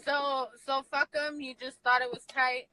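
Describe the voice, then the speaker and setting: A woman's voice: sits high, flat delivery, measured pace, bright, forceful tone, rough recording. A woman interviewing a rapper in a casual, chatty way, hesitant and full of fillers.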